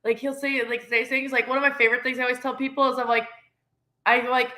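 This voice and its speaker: A woman from Newfoundland telling lively stories in casual chat. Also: a little high, quick pace. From Newfoundland, Canada. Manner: lively, chatty storytelling.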